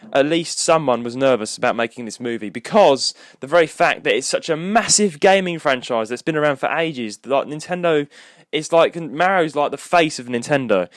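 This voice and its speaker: A man's voice: mid-range voice, no echo, clean studio sound. A young man, hosting a solo podcast episode in a rambling, casual chat with lots of restarts. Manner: rambling, with many restarts and fillers. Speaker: podcast co-host.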